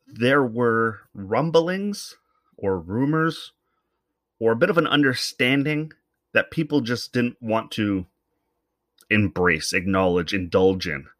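This Canadian commentator rants to camera as solo comedy, loose and profane, rambling and thinking aloud as he goes. His voice sits at medium pitch with a fairly bright tone. The audio is studio quality with no echo.

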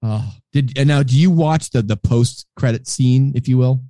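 A man co-hosting a podcast in relaxed casual chat, joking and swearing freely. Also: medium pitch, normal speed, no room sound, clean studio sound. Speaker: podcast co-host.

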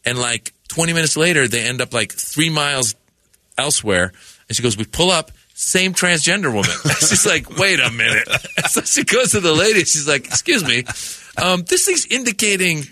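Animated man telling a story in a bright voice. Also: on the high side, moderate pace, no room sound. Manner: animated storyteller who acts out the people in his stories. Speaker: comedian guest. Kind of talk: casual studio chat, telling a story. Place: radio studio. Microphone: studio microphone.

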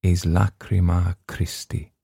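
A man voicing a seductive masked woman at a feast, making slow, coaxing offers in a storybook reading. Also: low voice, flat delivery, vocal fry, mellow, husky, no room sound, clean studio sound, exaggerated voice.

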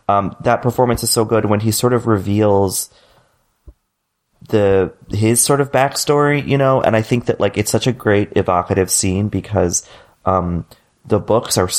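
A man's voice: low voice, creaky. A man co-hosting a podcast, talking casually and hesitantly with many fillers and restarts. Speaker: podcast co-host. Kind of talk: casual chat.

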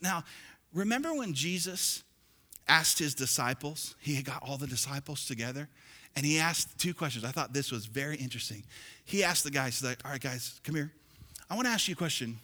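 A male pastor preaching a sermon, swinging from quiet asides to loud, shouted passages. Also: on the high side, expressive, brisk.

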